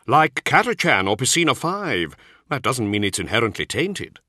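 A man voicing a calm, dry-witted scholarly monk who reasons coolly. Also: mid-range voice, moderate pace, no echo, voice pushed up.

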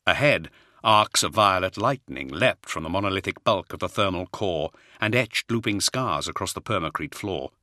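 A man's voice: sits low, dry recording, studio quality. A man reading a science-fiction war novel aloud as a scripted dramatic narration, lifting his voice for the battle cries. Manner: dramatic, raises voice for shouted lines. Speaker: audiobook narrator.

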